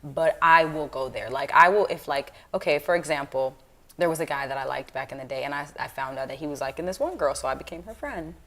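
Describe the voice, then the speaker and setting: A young woman comedian in a casual interview, telling animated, frank stories and switching into the voices of people she quotes. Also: deep voice, fast talker. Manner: frank, swears casually, laughs often.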